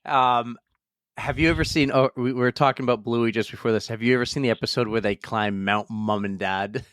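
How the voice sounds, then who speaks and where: Male host, casual and relaxed, medium voice, dry recording. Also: medium pitch, brisk, smooth, dry recording. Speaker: podcast host. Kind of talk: casual chat.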